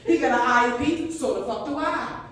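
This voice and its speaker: A woman in her fifties doing a stand-up comedy set, brash and profane, punching her lines loudly. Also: a little high, expressive, moderate pace. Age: 50s. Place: comedy club stage. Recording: echoey club from far off. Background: audience laughing.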